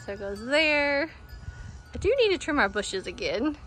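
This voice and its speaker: A woman's voice: high-pitched, moderate pace, faint music behind. Chatty upbeat woman on her porch. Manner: chatty and upbeat, laughs often, with excited squeals. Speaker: home decor vlogger. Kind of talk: casual home decor walkthrough. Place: outdoors on a front porch and yard.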